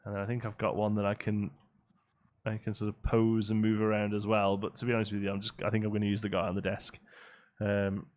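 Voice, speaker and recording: A man talks his viewers through a building game in loose, chatty commentary, stopping to answer chat. His voice sits a little low, with mouse clicks faintly behind. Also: completely flat delivery, fast, a little mellow. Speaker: game streamer. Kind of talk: casual live-stream commentary.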